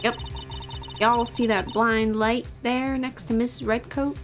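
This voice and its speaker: A woman's voice: a little high, fairly even intonation, slow pace, over music. A woman voicing a brash female photographer in a drawling, folksy Southern US accent, in a video game read-along. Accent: Southern US put-on.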